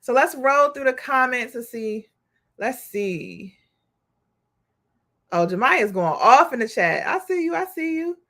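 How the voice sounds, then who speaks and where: A woman's voice: high voice, animated, unhurried, long pauses, bright, forceful tone. A young adult woman hosting a live coaching stream, talking straight to her viewers as "y'all" in a spirited, preachy way and cheering on their comments. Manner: reads viewer comments aloud and cheers them on. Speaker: nonprofit coach hosting a livestream.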